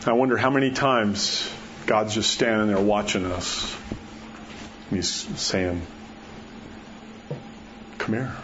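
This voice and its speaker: Man preacher, folksy storyteller, sinks to hushed tones for emphasis, a little muffled with faint room hum. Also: lowish voice, a little slow. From New Mexico. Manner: folksy storytelling, drops to a soft hush at key words. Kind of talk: sermon.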